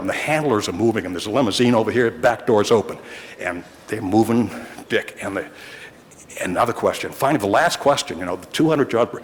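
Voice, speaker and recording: Animated and fairly quick, a lowish-voiced man in his sixties, long a reporter, regales a city council with wry, meandering tales and many restarts. The large chamber lends a big-room sound.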